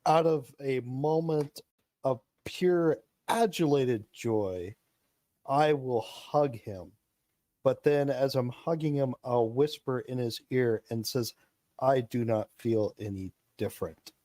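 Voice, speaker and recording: A man's voice: mid-range voice, slow pace, warm tone, no echo. A man playing a tabletop role-playing game, thinking aloud in a playful way. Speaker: player. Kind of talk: in-character tabletop role-play.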